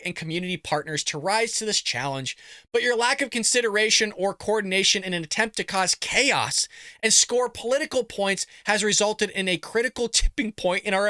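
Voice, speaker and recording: A man hosting a political commentary show, reacting to news with sarcastic jabs, animated asides and laughter at his own remarks. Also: high-pitched, smooth, no echo, clean studio sound.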